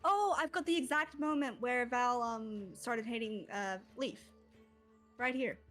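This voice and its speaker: A woman's voice: on the high side, a little slow, fairly bright tone, soft background music. A young woman playing in a tabletop game, chatting casually, laughing often and swearing freely. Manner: giggly, rambling, swears freely. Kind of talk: casual streamed game chat.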